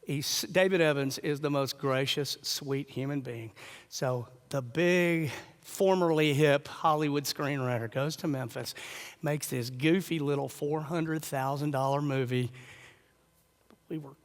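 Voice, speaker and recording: A man telling animated stories as a speaker at a conference, acting out the voices of the people he quotes. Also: on the high side, unhurried, long reverb tail. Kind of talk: storytelling talk.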